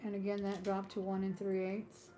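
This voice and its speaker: A woman runs a live-stream jewelry sale, calling out buy-now prices. She talks in a relaxed, chatty way and laughs often. Her voice is warm and mellow, set at a middle pitch. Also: normal speed, slight background noise. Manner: chatty and friendly, drifting into small talk and laughing often. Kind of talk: live-stream sales patter.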